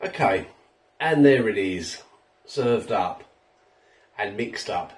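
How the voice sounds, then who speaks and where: A man's voice: lowish voice, expressive, takes it slowly, roomy sound, distant mic. A man reviewing a ready meal at home, chatty and self-mocking, a little tipsy after a few drinks. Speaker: food reviewer. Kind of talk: casual food review vlog. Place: home kitchen.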